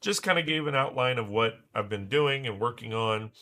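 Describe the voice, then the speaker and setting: Hoarse man chatting on a livestream. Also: medium pitch, moderate pace, pushed and bright. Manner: rambling, many fillers and restarts. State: hoarse, recovering from losing voice. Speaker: livestream host building Lego. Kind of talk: casual livestream chat.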